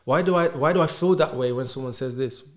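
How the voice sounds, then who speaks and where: A man's voice: medium pitch, fast. Earnest man in a roomy podcast. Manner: earnest, asks himself rhetorical questions. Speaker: podcast guest. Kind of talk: casual podcast chat. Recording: roomy echo.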